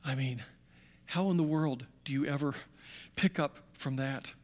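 A man preaching a sermon, swinging from hushed tones to loud emphasis and repeating phrases to drive them home. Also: mid-range voice, a little slow.

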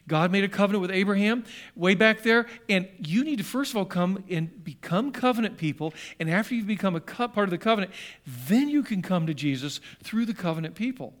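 A middle-aged man with a fairly high voice preaches to his congregation. He talks loosely, circling back and restarting his sentences, with wry asides as he works through the scripture. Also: lively intonation, a little fast. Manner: rambling and self-correcting, with wry asides. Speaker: pastor. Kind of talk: sermon.

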